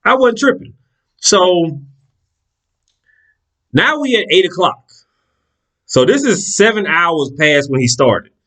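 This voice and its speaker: A man casually telling a personal story in an animated, profane, exasperated way. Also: high-pitched, slow, long pauses.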